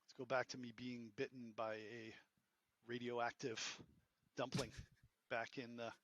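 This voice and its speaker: A man in his fifties with a Boston accent, a podcast guest telling stories in a joking, animated way. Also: medium pitch, measured pace, no echo, highs cut off. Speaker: podcast guest, entrepreneur and professor. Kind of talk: casual interview storytelling.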